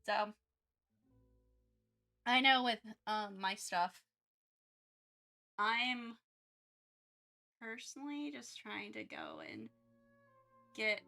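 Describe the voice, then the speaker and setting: Here a female art streamer talks loosely with her livestream audience in a mid-range voice. She gets excited, wanders off topic, and keeps starting her sentences over.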